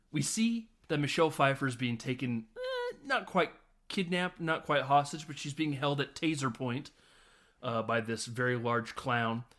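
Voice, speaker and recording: A man hosting a podcast, recapping a movie in a loose, animated way, laughing and swearing as he tells the scenes. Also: mid-range voice. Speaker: podcast host. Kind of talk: casual film recap.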